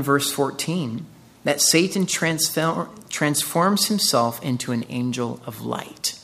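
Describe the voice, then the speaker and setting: A man's voice: fairly high pitch, a bit bright. A man preaching a sermon in an earnest way, walking through a scripture passage and rising into emphatic quoted voices. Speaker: pastor.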